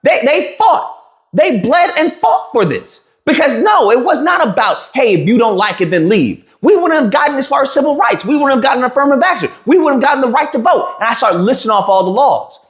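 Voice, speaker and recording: A man tells the story in a heated, mocking rant, laughing at his own jabs and tripping over restarts. His voice sits high and swings widely in pitch. The room around him rings with echo. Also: lively intonation, fairly quick. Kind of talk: animated ranting recap to camera. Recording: roomy echo.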